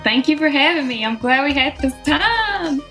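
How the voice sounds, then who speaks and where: A woman with a Southern American accent, speaking as a guest in a relaxed, reflective interview and laughing often. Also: high-pitched, normal speed, over music, low-quality recording. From Southern United States. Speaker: guest musician.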